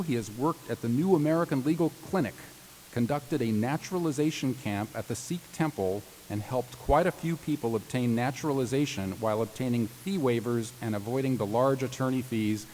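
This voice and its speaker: A man at a microphone announces each graduate and reads their thank-yous in a formal ceremonial tone, slipping in playful jokes between lines. His middle-pitched voice rings out with long reverb across a large hall. A faint hiss sits under the recording. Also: darkish tone. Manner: formal reading with playful joking asides. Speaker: commencement announcer. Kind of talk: ceremonial reading of graduate tributes.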